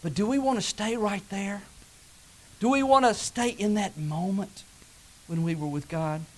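High-voiced American man preaching, dramatic swings between loud calls and quiet asides. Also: unhurried. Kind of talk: sermon.

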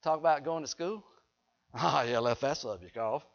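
A man's voice: medium pitch, moderate pace. A man preaching a sermon in a folksy way, joking with the congregation. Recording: dull lo-fi recording.

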